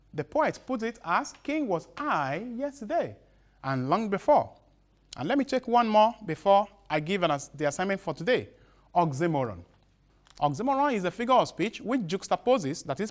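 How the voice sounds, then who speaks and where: In a broadcast literature lesson, a high-voiced male teacher goes over every definition slowly and repeatedly, with halting restarts.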